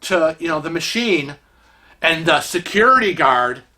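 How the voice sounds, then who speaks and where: A man vlogging, telling a story casually with many fillers and animated, chatty delivery. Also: a little high, measured pace.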